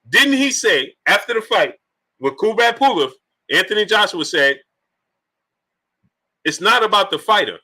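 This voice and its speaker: Bright-voiced man hosting a live stream. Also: fairly high pitch. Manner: rhetorical, repeats questions to the chat. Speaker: boxing talk show host. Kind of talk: live-stream commentary reading super chats.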